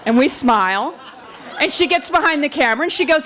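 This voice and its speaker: A woman tells a funny personal story with wry, animated delivery. Her voice sits high and swings widely in pitch as she builds each beat. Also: brisk, some chatter behind. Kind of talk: live comic storytelling.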